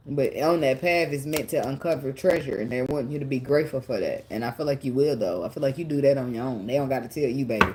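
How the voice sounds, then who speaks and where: A woman's voice: a bass voice, a little mellow. A woman, giving a casual tarot reading in a chatty way, swearing, laughing often and getting emotional. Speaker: tarot reader.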